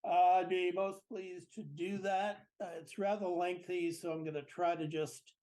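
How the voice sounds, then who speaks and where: A man giving a peer review summary at a public board meeting over a video call, formal and measured. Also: high voice, steady tone, warm tone.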